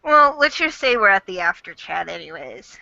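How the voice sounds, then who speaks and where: A woman's voice: mid-range voice, big pitch swings, moderate pace, gravelly, sharp tone, no echo. A woman hosting a casual online fan chat, rambling and chatty with casual swearing, on a dull lo-fi recording.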